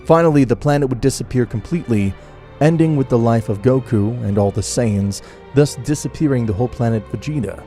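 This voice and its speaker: A man narrating a fan-theory story in a steady storytelling manner. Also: medium pitch, brisk. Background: faint music.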